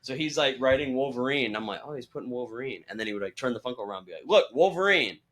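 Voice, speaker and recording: A young man hosts a relaxed chat show and tells his stories with animated energy. His voice is bright and forceful, and he sits in the middle range for pitch. He acts out the people he quotes as he goes. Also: rapid-fire. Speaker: podcast host. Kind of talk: casual chat.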